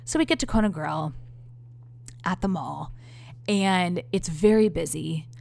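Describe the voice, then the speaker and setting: A woman in her thirties with a low, gravelly voice, chatting straight to her viewers. She tells her story candidly and with exasperation, and she swears freely. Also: unhurried, a little mellow. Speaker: vlogger. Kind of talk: casual storytelling to camera.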